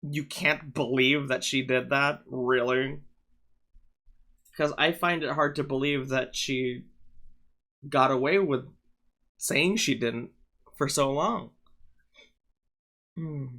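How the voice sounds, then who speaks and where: A man's voice: medium pitch, slow pace, pauses often, bright, forceful tone. A man streaming live, chatting casually and irreverently while reacting to clips on a studio microphone. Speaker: livestreamer.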